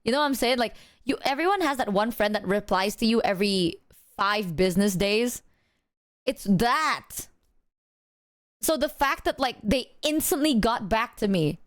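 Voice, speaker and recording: A woman livestreamer telling a story to her chat, animated and swearing, acting out the voices of people she quotes. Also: on the high side, no room sound, studio quality.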